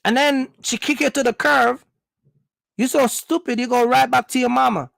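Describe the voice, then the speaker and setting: Casting: blunt vlogger, high gravelly voice, mocking and scolding. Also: male voice, steady tone, normal speed, a bit bright, dry recording. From Jamaica. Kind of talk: opinionated monologue.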